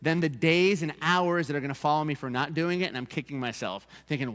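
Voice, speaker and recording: Emphatic pastor preaching in a reverberant church. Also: male voice, fairly high pitch, a little fast, hardly any pauses, a bit bright. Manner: emphatic, repeats key phrases for the congregation. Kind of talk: sermon. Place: church sanctuary.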